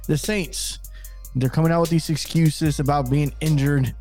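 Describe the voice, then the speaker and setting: A man in his thirties co-hosting a casual sports podcast, upbeat and rambling, quick to laugh. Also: a little high, fairly even intonation, a little mellow, faint music behind. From Hispanic background. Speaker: podcast co-host.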